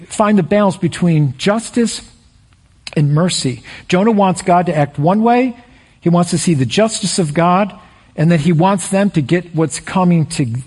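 A man with a high, husky voice preaches a sermon from the pulpit. His delivery is energetic and climbs to excited peaks before settling back down. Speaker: pastor.

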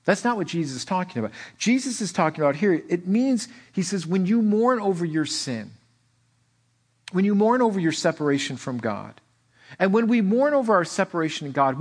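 A man delivering a sermon in a husky, breathy voice set a little high for a man. He talks animatedly, repeats words as he builds a point, and acts out the people in his illustrations. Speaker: pastor.

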